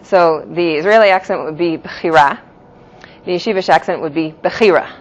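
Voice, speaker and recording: Speaking fast with a fairly low pitch, a woman lectures her Jewish philosophy class. She patiently explains terms and offers two pronunciations of each, captured in a dull lo-fi classroom recording.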